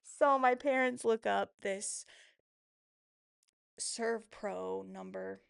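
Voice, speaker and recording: A young woman in her twenties tells a personal story on her podcast, with strong gravelly vocal fry throughout. She sounds candid and emotional, scattering casual fillers as she goes. The sound is dry and close. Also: mid-range voice, extremely slow, no room sound. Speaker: podcast host.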